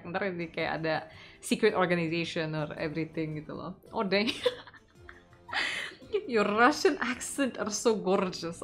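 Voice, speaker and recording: A woman with an Indonesian accent streaming a game, casually chatting, reading the game text aloud and breaking into excited shrieks. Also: mid-range voice. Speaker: VTuber streamer. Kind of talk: casual gameplay commentary.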